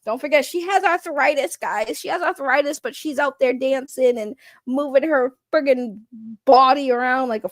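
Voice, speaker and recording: A woman's voice: sits high, a bit bright, no echo, clean studio sound. A woman chatting casually on a live stream, greeting her chat, swearing now and then and sounding worn out from work. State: tired from work.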